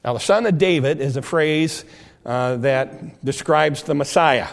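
A man's voice: fairly high pitch, measured pace, gravelly. A male preacher giving a sermon who explains scripture verse by verse, often stumbling over and repeating his words as he goes.

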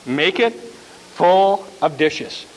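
A man preaching plays an unhurried prophet in a sermon story, casual and drawling. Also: high-pitched, animated, pitched below the performer's own voice, exaggerated voice, low-quality recording. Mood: offhand.

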